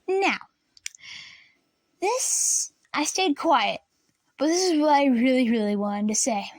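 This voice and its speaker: A young woman tells a personal story in a casual vlog, her voice sitting high and bouncing as she acts out each person in it. The recording is close and dry, with no room sound around her. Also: slow, dry recording. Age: young adult. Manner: animated, acts out classmates and teachers. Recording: dry close room, faint lamp buzz.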